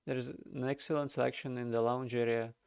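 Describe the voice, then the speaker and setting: A man voicing a proud, boastful gentleman gambler who speaks formally. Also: mid-range voice, flat delivery, a little fast, gravelly, smooth, no room sound, clean studio sound, close to an everyday voice.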